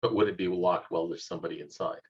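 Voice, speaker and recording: Male player, husky low voice, dry remarks, dull lo-fi mic. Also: fairly even intonation, rapid-fire. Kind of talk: casual tabletop play.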